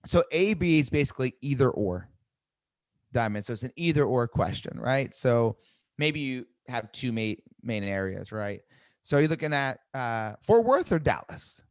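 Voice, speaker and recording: A man coaching a live sales webinar, seated, energetic, repeating key phrases and asking "right?" often. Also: mid-range voice, moderate pace, no room sound. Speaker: sales trainer. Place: seated indoors at a desk.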